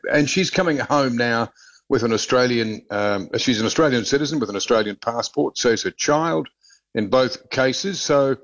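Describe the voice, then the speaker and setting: Guy doing a correspondent report, brisk and opinionated, kinda muffled lo-fi line. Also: mid-range voice, fairly bright tone. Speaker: Australia correspondent. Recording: dull lo-fi line.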